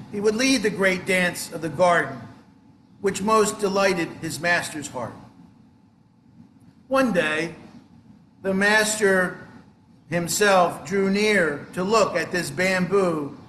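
A man giving a sermon as pastor, telling a parable in a solemn, measured way in a church. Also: high voice, bright, forceful tone, roomy sound, a little hiss or hum.

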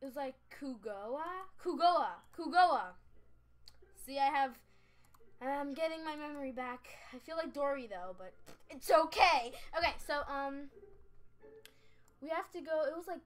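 Young girl gamer chattering away, high pitched, giggly and all over the place. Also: normal speed. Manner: giggly, scatterbrained, rambling. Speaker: gaming vlogger. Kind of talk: casual game commentary.

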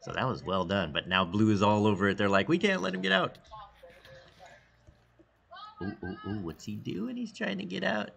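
Lively low-voiced man calling a game. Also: gravelly. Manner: excitable, thinking aloud, quick exclamations; sometimes drops to a hush. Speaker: esports coach. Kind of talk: live commentary on a game practice.

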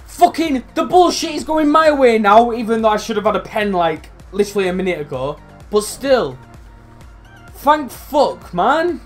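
A young man commentating his own football video game, swearing, swinging between loud outbursts and low muttering. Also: sing-song, moderate pace, soft background music. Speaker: gaming YouTuber. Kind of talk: live gameplay commentary.

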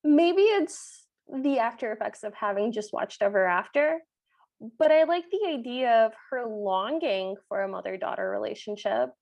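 A woman's voice: on the high side, expressive, moderate pace, gravelly, a little mellow. A woman co-hosting a podcast, recapping a cartoon with sarcastic, exasperated remarks. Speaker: podcast co-host. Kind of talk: casual chat recapping a film.

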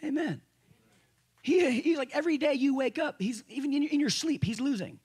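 A male pastor giving a conversational sermon to a congregation. He restarts phrases often and swings between loud emphasis and quiet asides. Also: extremely high pitch, moderate pace. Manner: conversational preaching with frequent restarts. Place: church service room with a congregation.

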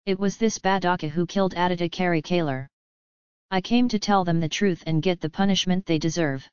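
A woman's voice: on the low side, a little fast, darkish tone, clean tone, dry recording, highs cut off, natural voice. A woman voicing a distressed young noblewoman who pleads earnestly in formal speech. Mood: pleading.

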